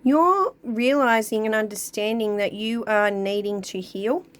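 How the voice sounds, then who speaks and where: A woman giving a casual, chatty tarot card reading to her viewers, talking at an easy, drawn-out pace. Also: mid-range voice. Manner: chatty, drawn-out, sings song lyrics along. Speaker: tarot reader.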